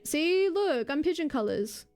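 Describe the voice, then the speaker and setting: A woman's voice: sits high, very animated, a little slow, a little mellow, faint music behind. A woman live streamer in casual, rambling chatter, swearing and mocking herself as she goes.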